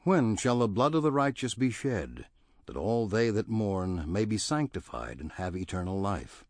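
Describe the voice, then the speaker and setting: A man's voice: on the low side, big pitch swings, normal speed, no echo, studio quality. A man reading the words of a sorrowful male prophet who pleads earnestly with his God. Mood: pleading.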